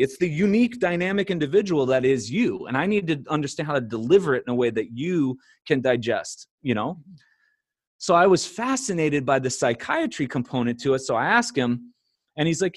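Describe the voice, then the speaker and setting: A middle-aged man, a podcast guest, telling stories in a casual conversation, animated and laughing often. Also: on the high side, fairly quick, breathy edge, no echo, clean studio sound.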